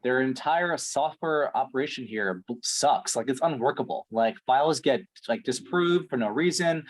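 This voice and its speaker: A man's voice: medium pitch, normal speed. A man playing a frustrated prospect in a sales call role-play, ranting and swearing heavily. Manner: ranting, profane, exasperated.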